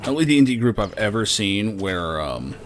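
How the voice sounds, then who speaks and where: A young man with a lowish but lively voice rambles and swears through casual gameplay commentary, laughing often. Game music plays behind him. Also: moderate pace. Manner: rambling, profane, laughs a lot. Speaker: streamer.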